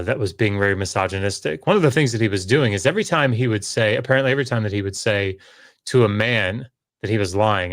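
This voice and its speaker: A man's voice: fairly low pitch, fairly bright tone. A man co-hosting a podcast, venting his frustration in an emphatic, exasperated way, with sighs and repeated words. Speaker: podcast co-host. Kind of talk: heated casual discussion.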